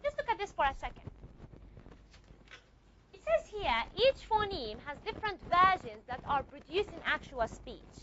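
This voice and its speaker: A woman's voice: very high-pitched, big pitch swings, normal speed, pushed and bright, highs cut off, slight background noise. A woman teaching a classroom lecture, repeating and modeling sounds and checking often that students follow.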